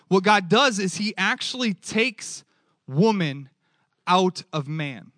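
Animated male preacher, higher voice. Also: takes it slowly, dry recording, studio quality. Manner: animated, asks the audience questions. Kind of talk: sermon.

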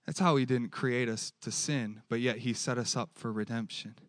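A male preacher giving a lively sermon and keeping the audience engaged with questions. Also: medium pitch, normal speed, no echo, clean studio sound. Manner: animated, asks the audience questions.

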